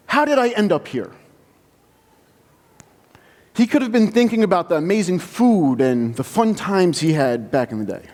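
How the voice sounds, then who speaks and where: A man preaching in a church sanctuary, high-pitched and very lively in his rises and falls. He tells the story at an unhurried pace in a conversational manner. A long hall reverb hangs on his voice. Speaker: pastor. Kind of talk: sermon.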